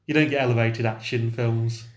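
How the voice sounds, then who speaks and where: A man's voice: medium pitch, fairly even intonation, moderate pace. A man co-hosting a casual podcast, blunt and jokey and prone to swearing. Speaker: podcast co-host. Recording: echoey room.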